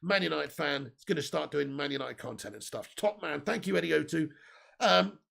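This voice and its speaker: Gravelly high-voiced man ranting. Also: expressive, fairly quick, fairly bright tone. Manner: opinionated, chatty, laughs at own jokes. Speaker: football fan channel host. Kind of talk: live stream chat reading super chats.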